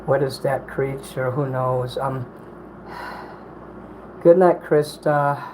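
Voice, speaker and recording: A man's voice: medium pitch, fairly even intonation, takes it slowly, darkish tone, slight background noise, low-quality recording. Rambling man streaming from home. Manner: rambling, apologetic, swears casually. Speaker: livestream host reading chat. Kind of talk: casual livestream chat while eating.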